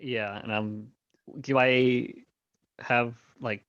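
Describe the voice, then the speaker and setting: A man plays his turn in a tabletop game, speaking slowly and with many hesitations and small laughs. His voice sounds dull and lo-fi. The recording is dry and close. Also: mid-range voice, steady tone, a bit bright, no room sound. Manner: hesitant, laughing, full of fillers. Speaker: player. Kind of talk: casual tabletop game play.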